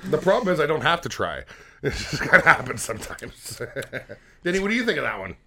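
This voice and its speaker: Loud joking guy hosting a beer podcast, voice jumps all over, wound up and talking fast, chatter all around. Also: a little high, very animated. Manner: rowdy, joking, bursts into wrestler-style yelling. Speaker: podcast co-host. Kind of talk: casual beer-tasting chat.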